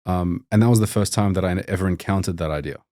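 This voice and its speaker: A man's voice: low voice, quick pace, mellow, no room sound, studio quality. A man from Lebanon, a podcast guest, talking casually and rambling with lots of fillers and restarts. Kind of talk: casual conversation.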